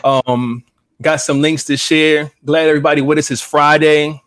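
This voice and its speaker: A man's voice: fairly high pitch, steady tone, normal speed, a bit bright, no room sound. A man hosting a live podcast in loose, chatty talk, laughing easily. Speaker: podcast host. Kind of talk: casual live podcast chat.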